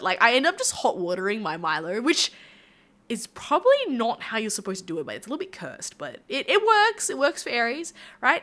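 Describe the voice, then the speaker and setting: An Australian woman streaming live and chatting with her viewers in a bubbly, rambling, giggly way. Her voice sits a little high and sounds bright and forceful, swinging up and down in lively leaps. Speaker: livestreamer. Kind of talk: casual stream chat reading viewer comments.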